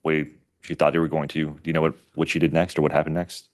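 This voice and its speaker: A man acting as an attorney in a courtroom, questioning a witness in a measured, methodical way. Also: a bass voice, completely flat delivery.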